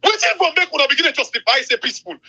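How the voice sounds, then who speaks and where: A man's voice: very high voice, animated, racing, vocal fry, pushed and bright, dull audio. A man with a Sierra Leonean accent in a heated political chat over a phone voice message, talking emphatically and repeating himself. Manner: emphatic, repetitive. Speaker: commentator.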